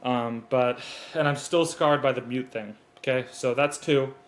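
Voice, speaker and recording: A man's voice: mid-range voice, measured pace. A man hosting his own podcast, giving motivational talk and chatting casually while fixing his mic stand. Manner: earnest, rambling, fixes gear mid-recording. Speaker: podcast host. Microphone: desk mic on a stand.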